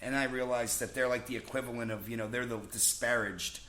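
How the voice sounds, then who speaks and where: A man's voice: mid-range voice, fairly even intonation, brisk, bright, forceful tone. A man from Pennsylvania co-hosting a podcast, chatting casually in a boisterous, joking way and swearing freely. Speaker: podcast co-host. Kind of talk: casual chat. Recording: echoey room.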